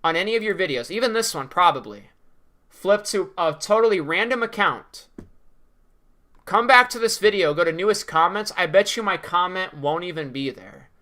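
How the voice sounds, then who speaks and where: A man's voice: sits high, lively intonation, normal speed, sharp tone. A young man ranting in a commentary vlog, sarcastic, profane and mocking. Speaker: video creator.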